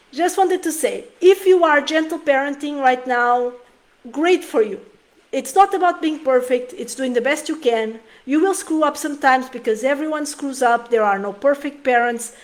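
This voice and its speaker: A woman in her thirties giving an earnest, emotional talk on parenting straight to the camera, often restarting her sentences. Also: sits high. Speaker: parenting vlogger.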